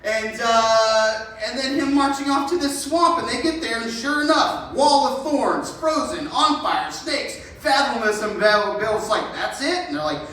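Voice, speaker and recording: A man in his thirties doing solo stand-up storytelling in a theater, profane, rambling and animated. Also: extremely high pitch, measured pace, few pauses. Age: 30s. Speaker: comedian. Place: theater stage. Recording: echoey theater from a distance.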